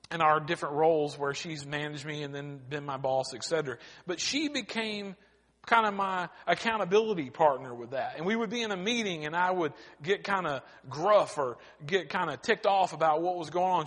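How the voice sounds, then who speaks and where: A man preaches a sermon in a fairly high voice. He leans on dramatic pauses and rises into emphatic cries to his congregation. His words ring out with a long reverb that fills the church sanctuary. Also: fairly bright tone. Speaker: pastor.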